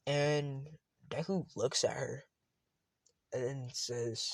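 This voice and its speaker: A man's voice: medium pitch, fairly even intonation, drawn-out words, pauses often, dry recording. A man casually retelling a fan story, rambling and often correcting himself.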